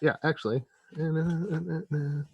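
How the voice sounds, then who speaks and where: A man's voice: on the high side, fairly even intonation, unhurried, vocal fry, husky, dry recording, muffled recording. A man playing a tabletop game in a laid-back way, drawing out his words as he searches for what to say. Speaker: player. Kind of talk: casual tabletop game play.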